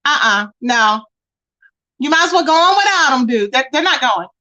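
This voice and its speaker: A woman hosting a live stream, chatting casually with viewers and mocking a rival in an animated way. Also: sits high, moderate pace, muffled recording. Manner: animated and mocking, addressing chat as y'all. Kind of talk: casual gossip commentary.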